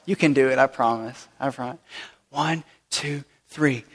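A man's voice: mid-range voice, measured pace, a bit bright, husky. A man pastor giving a sermon in a church, preaching in a playful, conversational way with light asides. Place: church sanctuary. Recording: long reverb in a large hall.

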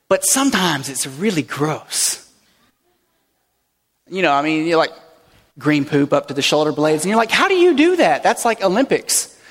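A man pastor giving a sermon in a church, preaching in a playful, conversational way with light asides. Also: high voice. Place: church sanctuary. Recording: long reverb in a large hall.

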